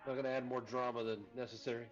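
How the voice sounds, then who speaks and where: Wry player on a dull, lo-fi line. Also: male voice, medium pitch, little pitch movement, rapid-fire, faint music behind. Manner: joking, wry asides. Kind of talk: casual tabletop game play. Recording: dull lo-fi recording.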